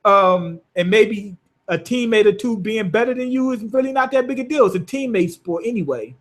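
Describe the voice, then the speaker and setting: In a high-pitched voice at a moderate pace, an anime reviewer rambles through an episode summary. He swears often and keeps the retelling animated and loose.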